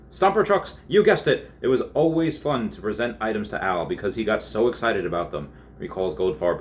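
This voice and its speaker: A man's voice: fairly low pitch, a little hiss or hum. A young man reading a magazine story aloud, often stopping to laugh and add casual comments of his own. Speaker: YouTuber reading an article.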